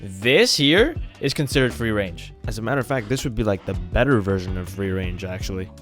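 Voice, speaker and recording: A man with a lowish voice gives casual gameplay commentary, joking as he goes. He talks straight to the animals on screen. Faint music plays underneath. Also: animated, a little fast, fairly bright tone. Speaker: gaming creator.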